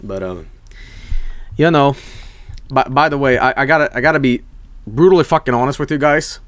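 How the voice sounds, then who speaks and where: A man's voice: mid-range voice, normal speed, a bit bright, dry recording. A young man streaming, chatting casually and reading viewer messages, rambling and swearing, often breaking into laughs.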